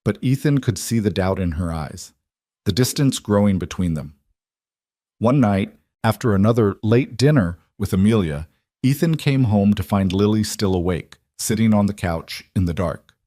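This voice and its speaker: Low-voiced man narrating a story. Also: expressive, moderate pace, warm tone, no room sound, studio quality. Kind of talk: scripted audiobook narration.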